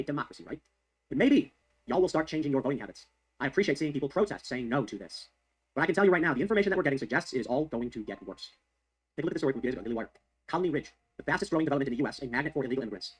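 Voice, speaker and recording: A man with a fairly high, breathy-edged voice rants quickly through heated, sarcastic political commentary on the news. He keeps repeating his points for emphasis.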